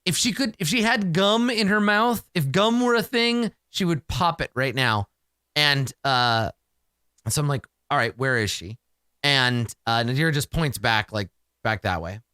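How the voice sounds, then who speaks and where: A man's voice: medium pitch, pushed and bright, clear, resonant tone, dry recording, studio quality. A man narrating a solo tabletop game in a casual, profane, exasperated ramble.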